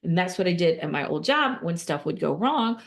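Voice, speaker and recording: On a podcast, a woman working as a nonprofit fundraising consultant dispenses advice in a lowish voice that swings widely in pitch. The tone is conversational yet emphatic, with repetition, quick restarts, and rhetorical questions.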